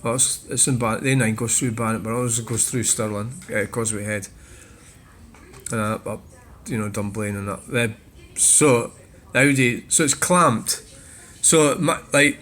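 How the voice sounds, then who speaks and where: A man's voice: mid-range voice, a bit bright. A Scottish man hosting a vlog, bluntly and swearily reacting to viewer comments. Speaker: channel host.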